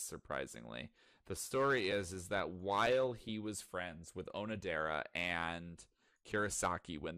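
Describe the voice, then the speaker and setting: A man co-hosting a casual podcast, recapping a story with animated, profane storytelling. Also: low voice, no echo, clean studio sound. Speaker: podcast co-host. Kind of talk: casual chat.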